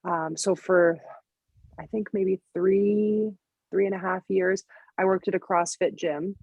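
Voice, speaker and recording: A woman's voice: medium pitch, steady tone, gravelly, husky, no room sound, phone-quality sound. A woman in her thirties, a fitness coach and business owner, talking casually as a podcast guest and filling her speech with "like" and "you know". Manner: chatty, lots of "like" and "you know", quick laughs.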